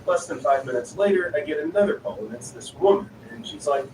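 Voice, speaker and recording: A man's voice: a little high, expressive, brisk, few pauses. Distant echoey male story narrator. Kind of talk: reading online stories aloud. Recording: echoey, distant voice with noisy ambience.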